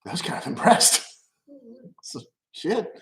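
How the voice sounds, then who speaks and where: A man's voice: fairly high pitch, big pitch swings, unhurried, reverberant, in a whisper. A middle-aged man casually telling rambling stories at home, profane and loose, laughing at his own jokes. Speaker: live streamer.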